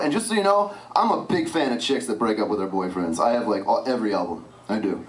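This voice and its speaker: A man's voice: medium pitch, fast, hardly any pauses. A man in his twenties doing stand-up, telling self-mocking stories. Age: 20s. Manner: lively, self-mocking storytelling. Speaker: stand-up comedian. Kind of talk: stand-up comedy set. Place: comedy club stage. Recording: roomy, distant club recording. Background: audience laughter.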